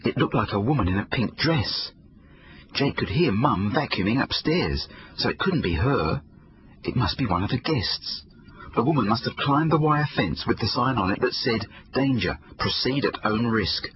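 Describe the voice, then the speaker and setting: A man reading his own children's book aloud, expressive storytelling. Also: mid-range voice, normal speed, muffled recording, slight background noise. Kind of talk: audiobook narration for children.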